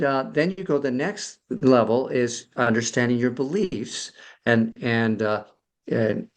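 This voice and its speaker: A middle-aged man, a podcast guest and emotional coach, explaining at length with many fillers and restarts. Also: mid-range voice. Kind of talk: conversational explanation.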